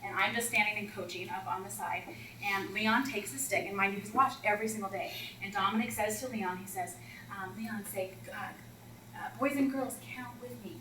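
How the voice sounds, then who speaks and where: A woman's voice: mid-range voice, a little fast, reverberant, far from the mic, slight background noise, rough recording. A woman teacher coach telling classroom stories to an audience of teachers, acting out the children's voices. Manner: animated, acts out children's voices. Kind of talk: storytelling workshop talk.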